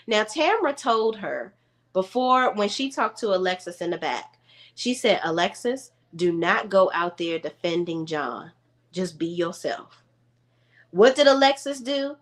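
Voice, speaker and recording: Sassy chatty woman recapping reality TV. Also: medium pitch. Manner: chatty, sassy, animated asides to viewers. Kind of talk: casual recap chat to camera. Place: room at home.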